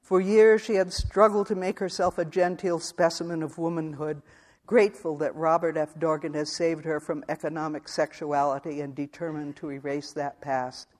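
A man reading a literary western novel aloud as an audiobook narrator, measured and even. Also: on the high side.

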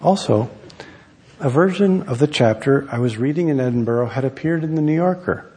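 A man, an author, reading his own essay aloud in a wry, measured storytelling manner. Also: mid-range voice, animated, mellow, husky, in a large hall. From United States.

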